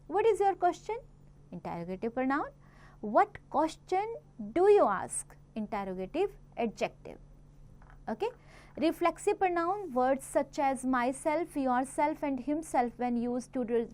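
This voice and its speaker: A woman with an Indian accent teaching a grammar lesson to children, reading examples slowly and rattling off quick asides between English and Hindi. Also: high voice, darkish tone. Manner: reads examples slowly and clearly.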